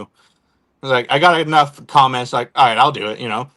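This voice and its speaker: A man's voice: mid-range voice, fast, bright, forceful tone. A man from Oregon, a guest on a podcast, talking in an easygoing, laid-back casual chat. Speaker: guest, content creator.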